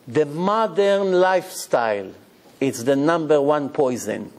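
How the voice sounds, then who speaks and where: A rabbi giving a Torah lecture, animated and acting out little dialogues as he preaches. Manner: animated, acts out dialogue with big pitch swings.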